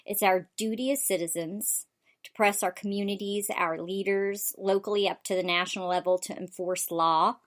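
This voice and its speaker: A woman hosts a political talk show from the United States, rushing through an opinionated monologue. Her talk is quick and packed with ums, uhs and restarts as she presses her points. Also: medium pitch, steady tone. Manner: rapid with frequent fillers and restarts.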